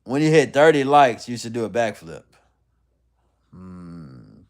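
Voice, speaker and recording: A man's voice: mid-range voice, lively intonation, unhurried. A young man casually chatting on a livestream, reading viewer comments in a loose, rambling way and laughing often. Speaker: livestream host.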